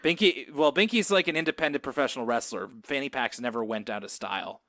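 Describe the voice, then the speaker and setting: A man's voice: mid-range voice, fast talker, pushed and bright, no room sound, clean studio sound. A man co-hosting a podcast, recapping a cartoon in rambling, chatty talk and laughing easily. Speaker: podcast co-host. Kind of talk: casual chat recapping a cartoon.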